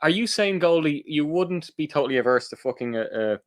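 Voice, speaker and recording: A man's voice: on the high side, lively intonation, brisk. A tired man co-hosting a podcast, teasing and asking questions in casual chat. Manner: teasing, asks questions, jokes. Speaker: podcast co-host.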